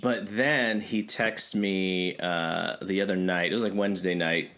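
A man's voice: sits low, fairly even intonation, a little slow, a bit bright. A middle-aged man co-hosting a podcast, telling a story in a rambling way with lots of fillers. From California. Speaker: podcast co-host. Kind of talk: casual chat.

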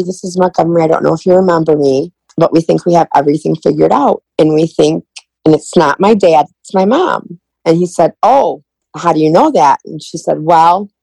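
A woman's voice: sits low, vocal fry, warm tone, no echo, low-quality recording. A middle-aged woman telling her family story in an interview, retelling conversations in quoted dialogue. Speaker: guest.

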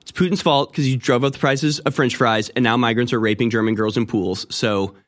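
A man putting on a high, sneering voice to play a smug, condescending know-it-all. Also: brisk, lightly acted. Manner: sneering, patronizing sing-song.

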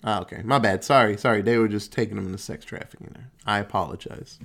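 A man's voice: fairly low pitch, quick pace, gravelly. A man casually recapping a movie plot, acting out the characters' quotes, swearing and laughing as he goes. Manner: animated storytelling, acts out quotes, swears, laughs.

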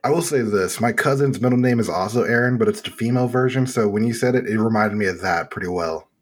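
A man from Texas hosting a casual gaming podcast, laughing often and making animated asides. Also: on the low side, fast. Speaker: podcast host.

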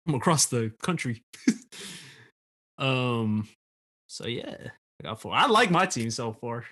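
A man co-hosting a podcast in casual chat, relaxed and jokey with some hesitation. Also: mid-range voice, takes it slowly. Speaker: podcast co-host.

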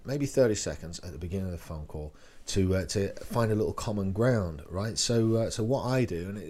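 Low voiced guy explaining sales calls, chill and chatty, acts out little phone bits. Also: a little mellow. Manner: conversational, loose, role-plays phone lines. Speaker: real estate agent teaching sales calls. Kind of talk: casual instructional talk.

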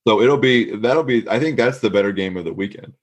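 Wry contrarian guy in a sports chat, lowish voice, likes to needle. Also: a little fast. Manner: wry, contrarian, provokes for fun.

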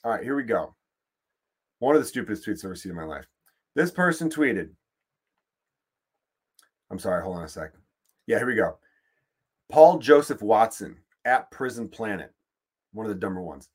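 A man's voice: fairly low pitch, moderate pace, long pauses, breathy edge. A man hosting a podcast, ranting crudely in a casual solo monologue. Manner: crude, animated ranting with swearing. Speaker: podcast host.

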